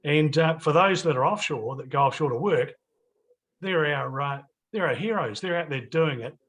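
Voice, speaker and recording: A man's voice: a little high, animated, moderate pace, a bit bright. A man with a New Zealand accent hosting a casual interview outdoors by a lake, chatty and folksy with frequent fillers. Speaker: host.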